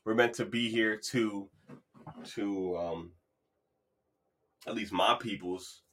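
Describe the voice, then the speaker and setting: A man's voice: lowish voice, slow, fairly bright tone, slight background noise. A man hosting his own podcast, talking in a loose, rambling, motivational way. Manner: playful, hypes up an imagined crowd. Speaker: podcast host. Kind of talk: casual solo monologue.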